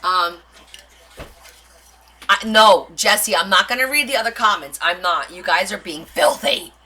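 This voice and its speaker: A woman's voice: mid-range voice, a little slow, sharp tone, slightly rough, rough recording. A woman hosting a live craft stream, chatting casually with her viewers and answering their comments as she demonstrates. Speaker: craft livestream host.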